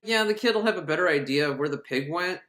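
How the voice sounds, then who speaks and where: A man's voice: a little high, expressive, fast talker, a bit bright. Guy doing a drowsy lazy villain king, dismissive, echoey room. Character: lazy sleepy villain king, male adult. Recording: roomy echo.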